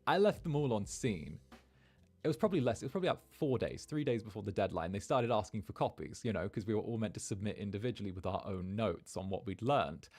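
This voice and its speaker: A man streaming as a VTuber, telling a story in an animated, chatty way and acting out the quotes. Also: fairly low pitch, fast talker, slightly rough. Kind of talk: casual storytelling.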